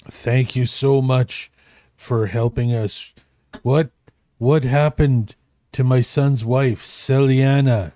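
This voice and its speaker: A man's voice: medium pitch, steady tone, slow pace, warm tone, no echo, studio quality, lightly acted. A man doing a weary old fisherman. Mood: grateful. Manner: hesitant, apologetic. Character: weary older male fisherman, grateful prisoner.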